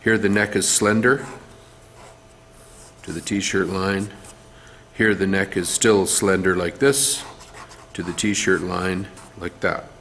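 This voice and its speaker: A man's voice: low-pitched, fairly even intonation, takes it slowly, long pauses, fairly bright tone, a little hiss or hum. A man teaching art, talking through a face drawing one step at a time while he draws, with some fillers. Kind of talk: drawing tutorial demonstration.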